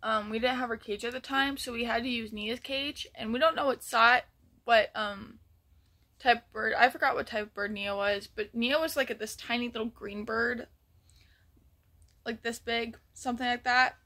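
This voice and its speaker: A woman's voice: fairly high pitch, measured pace, pauses often, pushed and bright. A woman telling a story in a casual vlog, rambling with many ums and restarts and sometimes dropping to a near whisper. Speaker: vlogger.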